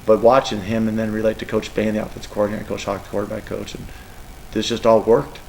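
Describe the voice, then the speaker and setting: A man's voice: fairly low pitch, completely flat delivery, fast, creaky, darkish tone, slight background noise, rough recording. A middle-aged man, a college football coach, answering press questions in an emotional, rambling way. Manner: emotional, rambling, tearful at times.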